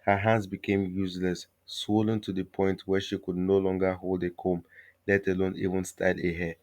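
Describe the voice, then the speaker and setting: A male storyteller reading a folktale aloud with steady, measured pacing. His voice sits very low and deep, and he carries the tale like a calm fireside narrator.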